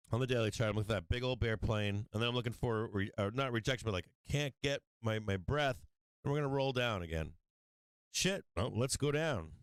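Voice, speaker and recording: A man's voice: medium pitch, clean tone, no echo. A man hosting a stock market livestream, talking casually and bluntly, swearing often and laughing a lot. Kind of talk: casual trading livestream talk.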